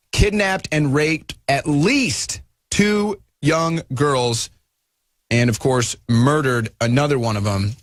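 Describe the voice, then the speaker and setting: A man's voice: fairly high pitch, fairly bright tone, no room sound, studio quality. A man hosting a talk radio show, giving fired-up, indignant commentary.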